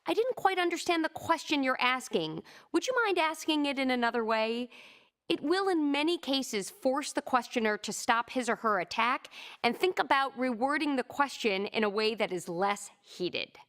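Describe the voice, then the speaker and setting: A high-pitched woman speaks in a crisp, measured way as a presentation coach. Her scripted advice is laid out step by step in a calm instructional tone. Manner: crisp, measured advice with acted example quotes.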